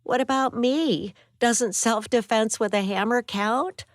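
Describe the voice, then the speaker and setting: A woman voicing a hoarse, plucky young woman in an audiobook, talking high and breathless. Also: unhurried, no room sound, clean studio sound, lightly acted. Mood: indignant.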